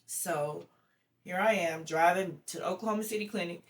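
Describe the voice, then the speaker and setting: A woman guest in an interview telling a personal story in a lively, casual way, acting out the dialogue she recounts. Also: fairly low pitch, moderate pace. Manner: lively storyteller who acts out quoted dialogue. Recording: distant mic with faint background noise.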